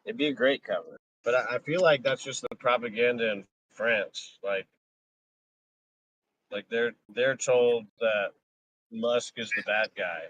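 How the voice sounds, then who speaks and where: A man's voice: medium pitch, measured pace, fairly bright tone, dull audio, slight background noise. A man joking around and rambling in casual live stream banter, laughing often.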